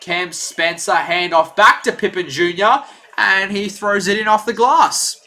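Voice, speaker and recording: A young man from Australia, hosting a casual live play-by-play stream and talking in a chatty, rambling, excitable way. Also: high-pitched, unhurried. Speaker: livestream play-by-play host.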